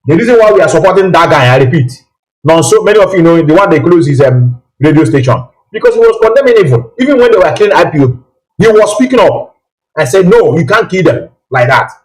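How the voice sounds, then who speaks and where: A man's voice: fairly high pitch, animated, quick pace, poor audio. A man hosting a live political call-in broadcast, talking emphatically with repeated rhetorical questions.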